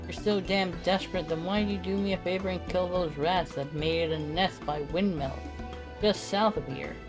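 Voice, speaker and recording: A streamer voicing a boastful, gruff retired mercenary in a video game, swaggering and taunting with folksy slang, while faint game music plays behind. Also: medium pitch, steady tone, moderate pace, voice pushed up, close to an everyday voice.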